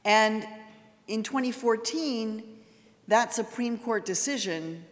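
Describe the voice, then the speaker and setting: A woman's voice: fairly high pitch, animated, slow. Woman lecturing in an echoing hall. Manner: earnest storytelling, voice rising for emphasis. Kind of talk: public lecture. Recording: long hall reverb.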